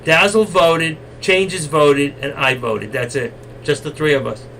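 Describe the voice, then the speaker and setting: A man hosting a live trading stream, coaxing and teasing his viewers and now and then breaking into loud shouts. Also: fairly high pitch, unhurried. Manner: coaxing, teasing and exasperated with the chat. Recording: distant mic, faint room noise.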